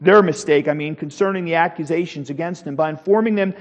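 A man with a high-pitched voice delivers a dramatic sermon, rising to loud declarations and dropping to hushed lines as he acts out scripture and shouting crowds. His voice rings with a long hall reverb. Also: quick pace, highs cut off. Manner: dramatic, swings from loud declaring to low near-whispers. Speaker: preacher.

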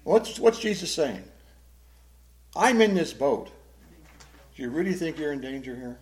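A man's voice: fairly high pitch, sing-song, a little slow, a little mellow. A man preaching a Bible-teaching sermon in a conversational way, often asking the congregation questions and repeating words as he goes. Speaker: pastor.

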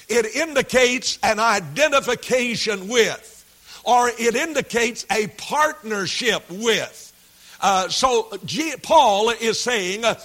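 A man's voice: high-pitched, lively intonation, pushed and bright. A man preaching a sermon, reading scripture aloud and repeating key phrases with frequent fillers. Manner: slow, deliberate delivery, repeating key phrases and verse references.

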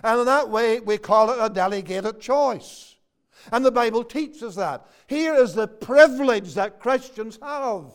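A man's voice: very high-pitched, expressive, unhurried, clear, resonant tone. An older man and pastor preaching a sermon in a church, quoting scripture in old-fashioned English and building to emphatic declarations. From Northern Ireland. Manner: preaching with King James quotations, rising to emphatic declarations.

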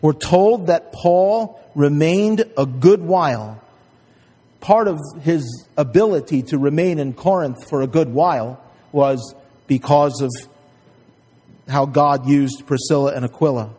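A man's voice: fairly high pitch, unhurried, mellow, husky, big-room sound. A man preaching a sermon, emphatic and calling out to the congregation for responses. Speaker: pastor.

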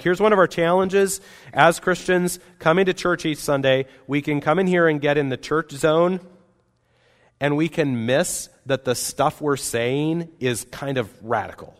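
A man preaching a sermon as pastor, earnest and emphatic, with wide swings between loud and soft. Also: fairly high pitch. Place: church sanctuary. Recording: long reverb of a church hall.

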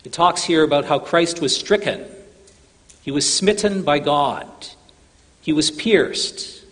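Preacher guy giving an earnest sermon, kinda high voice, big echoey hall. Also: takes it slowly, fairly bright tone. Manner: earnest, addresses listeners as brothers and sisters. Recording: long hall reverb.

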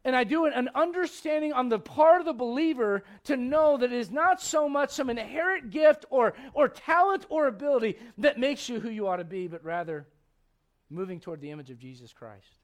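Male pastor with a very high voice, preaching a lively, emphatic sermon. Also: brisk. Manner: emphatic, conversational, acts out quotes and asides, frequent restarts.

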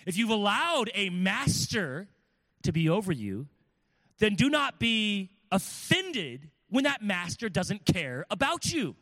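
A man preaching a sermon, reading scripture aloud and explaining it, with swings between loud emphasis and hushed asides. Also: sits high, very animated, takes it slowly, long reverb tail. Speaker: pastor.

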